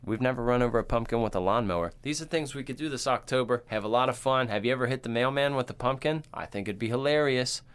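A man's voice: mid-range voice, quick pace, hardly any pauses, smooth. A man co-hosting a podcast, chatting casually in a crude, joking, rambling way. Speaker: podcast co-host.

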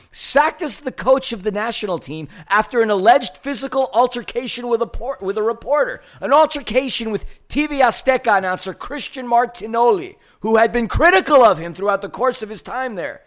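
High, animated man ranting on a podcast. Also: brisk, hardly any pauses. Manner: loud, heated, theatrical. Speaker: podcast co-host. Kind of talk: fired-up fan podcast rant. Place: studio.

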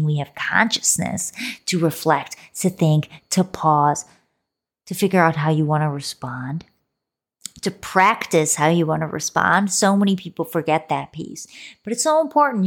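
A woman hosting a solo relationship podcast, giving motivational advice in a playful, coaxing way, calling the listener baby and sometimes dropping to a soft whisper. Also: lowish voice.

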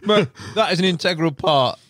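A man's voice: sits high, moderate pace, a bit bright, no echo, clean studio sound. A man hosting a podcast, prodding his guest with teasing questions. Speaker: podcast host. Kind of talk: casual interview chat. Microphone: studio podcast mic.

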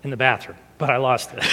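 A male pastor telling a personal story in a sermon, animated and expressive, sometimes falling to a hushed, emotional tone. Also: mid-range voice, noisy background. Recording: long hall reverb.

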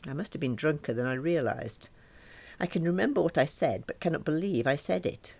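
A woman reads a first-person diary-style novel with a chatty, wry, self-deprecating touch. Her pitch moves in lively rises and falls as she tells the story. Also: a little fast, husky. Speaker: audiobook narrator.

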